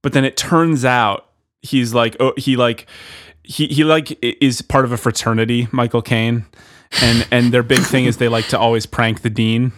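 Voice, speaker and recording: A man hosting a comedy podcast, telling a story in a rambling, halting way with lots of restarts and a self-deprecating, giggly manner. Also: mid-range voice, fairly even intonation, a bit bright, no room sound, studio quality. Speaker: podcast host pitching a movie. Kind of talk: casual comedic chat.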